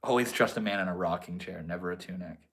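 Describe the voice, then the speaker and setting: A man's voice: sits low, quick pace. A young man from Maine hosting a casual livestream, chatting in a slangy, laid-back way and answering viewers. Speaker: livestream host.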